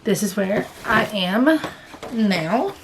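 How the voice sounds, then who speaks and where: A Southern American woman sits in a chair at home chatting casually about her cross-stitch progress, rambling a bit and correcting herself as she goes, while she has the hiccups. Her medium-pitched voice is lively and slow, with a little hiss or hum in the background.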